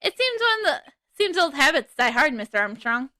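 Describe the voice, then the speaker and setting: A woman streamer reading a game aloud in an earnest, quick way with frequent self-corrections. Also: sits high, very animated, pushed and bright, no echo.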